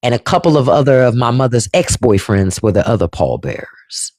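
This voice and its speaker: Brief: outspoken woman host, animated pitch, dry close sound, casual livestream talk. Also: a little fast, no echo. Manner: blunt, profane storyteller.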